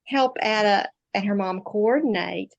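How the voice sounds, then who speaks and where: A woman co-hosting a live video-call show, gushing warmly and laughing often. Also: medium pitch, a little slow, gravelly, highs cut off. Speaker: co-host. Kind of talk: casual Zoom talk show chat.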